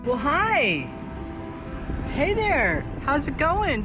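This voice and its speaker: A woman in a played clip talks affectionately to a wild crow in slow, cooing baby talk. Her voice is high. Music plays under her words. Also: expressive. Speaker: bird befriender in a video clip.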